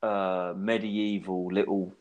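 A man in his thirties from England, co-hosting a podcast in casual chat, rambling through an animated story and swearing freely. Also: sits low, takes it slowly, muffled recording. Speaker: podcast co-host.

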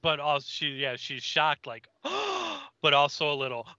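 A man's voice: a little high, fairly even intonation, fairly quick, bright, forceful tone, smooth, dry recording, lo-fi sound. A man co-hosting a podcast, chatting casually as he recaps an episode and acts out the characters' lines. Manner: retells scenes, acting out character lines. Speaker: podcast co-host.

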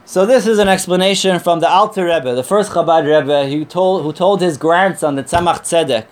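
A man's voice: on the high side, normal speed. A man teaching a conversational Torah class from sources, earnest and emphatic, repeating his points and telling a joke to make them.

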